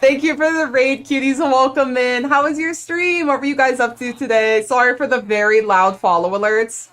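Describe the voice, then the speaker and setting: A woman's voice: sits high, moderate pace, fairly bright tone. Chatty young woman game streamer. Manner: chatty and playful, lots of "like" fillers. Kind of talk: casual live-stream chat.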